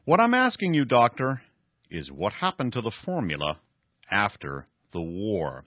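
An investigator fires insistent questions in a lively voice, read by a male host. The audio is dry and dull, with a lo-fi broadcast tone. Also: fairly low pitch, a little slow, no echo, voice pushed up, heavily acted. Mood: pressing.

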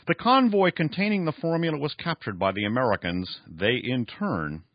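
A man voicing a frail, proud old male scientist who rasps and wheezes as he lectures. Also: medium pitch, lively intonation, normal speed, no echo, highs cut off, voice pushed up. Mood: lecturing. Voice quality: raspy, short of breath.

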